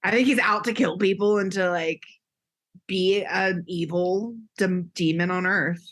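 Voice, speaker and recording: A woman's voice: mid-range voice, steady tone, a little slow, a bit bright. A woman co-hosting a podcast, giving her opinions in an emphatic, casual way. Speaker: podcast co-host.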